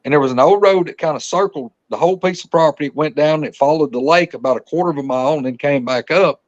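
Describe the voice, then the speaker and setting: A man's voice: a little high, fast talker, dull audio. A man telling a hunting story as a podcast guest, folksy and rambling, often restarting his sentences. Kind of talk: casual storytelling.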